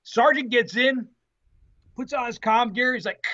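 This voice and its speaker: A former Marine telling an animated story in an interview, acting out the quotes with salty language. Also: male voice, very high voice, a little slow, dull audio. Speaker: guest, former Marine tank driver.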